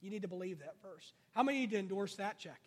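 A man preaches to his congregation, his voice very high for a man. He calls out questions, then drops to a near hush. A long reverb trails after each phrase in the church. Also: expressive, fast talker. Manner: call-and-response preaching, rising and falling in volume. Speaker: pastor. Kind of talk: sermon.

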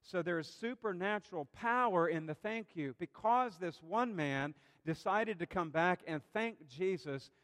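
A man preaching a sermon, telling a story earnestly and slowing down to stress key points. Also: high-pitched, animated, fairly bright tone. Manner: earnest storytelling, slows for emphasis. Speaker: pastor. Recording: long hall reverb.

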